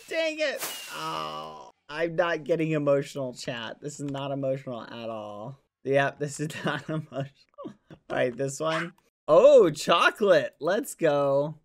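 A man's voice: a little high, unhurried, gravelly, slight background noise. A young man streaming a game, gushing over gifts with clean stand-in swears, many "aw"s and much laughing. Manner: says "aw" again and again, laughs often. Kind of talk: live game stream chat.

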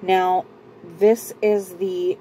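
In a lowish, dark voice with little pitch movement, a Southern California woman vlogger speaks extremely slowly while breathlessly going over a beauty and clothing haul. She rambles, stops herself often, and laughs frequently in a chatty way. Slight background noise mars the low-quality recording.

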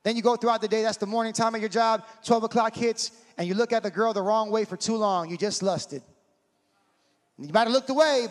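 A man preaching a sermon in an animated way, acting out scenes and swinging from shouting to a hush. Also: high-pitched. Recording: hall reverb.

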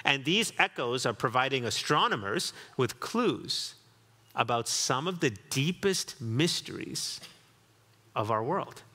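Bright-voiced pastor preaching in a hall. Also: male voice, medium pitch, big pitch swings, takes it slowly. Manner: reflective, builds to emphatic repetition. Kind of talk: sermon. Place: church sanctuary.

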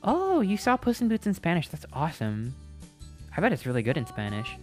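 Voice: mid-range voice, huge pitch swings, fairly quick, soft background music. A live streamer chatting casually with viewers at a home setup, in a playful, rambling way with lots of restarts.

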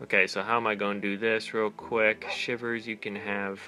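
A man hosting a let's play, talking casually over his game in an animated voice that often breaks into exclamations. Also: on the low side, moderate pace, soft background music. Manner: animated, exclaiming and laughing in dismay. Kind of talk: casual gameplay commentary.

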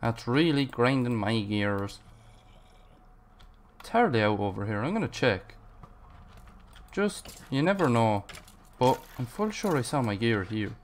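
A man's voice: mid-range voice, expressive, a little slow, pauses often. A man commenting on his own gameplay, taking his time over every sentence. He mutters, curses and rambles aloud through his frustration. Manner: frustrated, swearing, rambling to himself. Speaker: gaming channel host.

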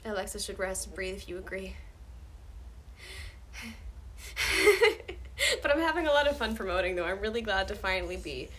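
Tired twenties girl from the us, sleepy fast chatter to fans on a live stream. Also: mid-range voice. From United States. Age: 20s. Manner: soft-spoken, drifting, chatty with fans. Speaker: singer hosting a fan livestream. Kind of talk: casual livestream chat.

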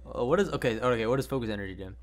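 A man's voice: mid-range voice, racing, crowd noise. A man chatting casually while playing a video game, giggling often and rambling. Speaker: let's play commentator. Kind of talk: casual gameplay chat.

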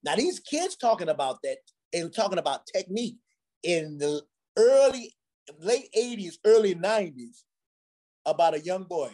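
A man from Ghana, a drummer, tells childhood stories in a relaxed conversation. His voice is a little husky, and his pitch swings lively up and down as he acts out the people in his tales. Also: normal speed. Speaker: guest drummer. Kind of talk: storytelling in a conversation.

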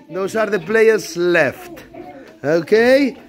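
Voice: mid-range voice, drawn-out words, slight background noise. A primary school teacher running an animal-word game in a classroom, praising and directing the children. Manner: encouraging, praising each child.

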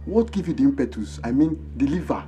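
A man's voice: medium pitch, expressive, a little fast, mellow, natural voice. Indignant young man with a Nigerian accent, sarcastic, firm, faint film music behind, played by a man. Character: defiant young man guarding his mother's home.

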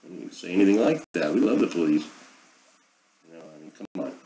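A man's voice: low voice, lively intonation, fairly quick, mellow, rough recording. A middle-aged man hosting a casual monologue, rambling and sarcastic as he airs his opinions. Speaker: podcast host.

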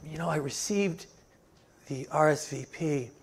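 A man voicing a grown woman turned away from a wedding feast, speaking quietly and earnestly in his own voice. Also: on the high side, a little slow, breathy edge.

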